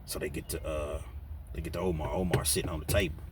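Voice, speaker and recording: A man's voice: rumbling low, fast, noisy background. A man telling a story in a casual, slangy way, acting out what people said. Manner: animated, slangy, acts out quotes.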